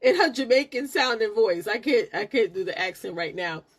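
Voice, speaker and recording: A middle-aged woman hosting a live stream, telling a personal story in a casual, animated, preaching way. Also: on the high side, moderate pace, breathy edge. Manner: animated, preachy, laughs a lot.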